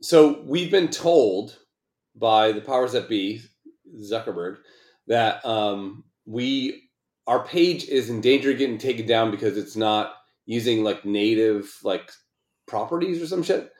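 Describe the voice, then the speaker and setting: A man's voice: on the low side, lively intonation, measured pace, darkish tone. Rambling, swearing man in an echoey room. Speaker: podcast co-host. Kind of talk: casual profane banter. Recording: roomy echo.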